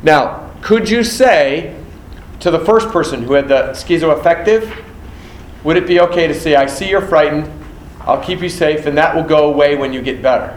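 A man's voice: on the high side, normal speed, roomy sound, slight background noise, low-quality recording. A man teaching a nursing exam prep class, quizzing students and acting out exam scenarios. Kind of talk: classroom lecture.

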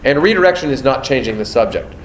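A man's voice: mid-range voice, expressive, quick pace, roomy sound, slight background noise, rough recording. A man teaching a nursing exam prep class, quizzing students and acting out exam scenarios. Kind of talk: classroom lecture.

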